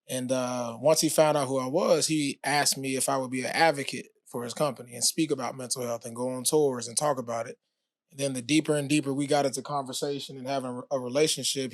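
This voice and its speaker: A man talking as a podcast guest, telling his story in a relaxed way with many fillers. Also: medium pitch, no echo, clean studio sound. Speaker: podcast guest, former pro football player. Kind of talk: casual interview talk.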